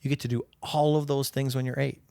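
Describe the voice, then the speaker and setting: Gravelly-voiced man telling family stories. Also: mid-range voice, flat delivery, fast, mellow, no echo, clean studio sound. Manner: storytelling, reflective, fond of his kids. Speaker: podcast co-host. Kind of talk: casual chat.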